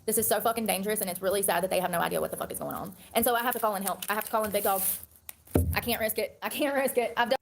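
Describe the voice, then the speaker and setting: A woman's voice: medium pitch, rapid-fire, vocal fry, a little hiss or hum. A woman in her thirties ranting to camera in a heated, profane, repetitive way. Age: 30s. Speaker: online personality.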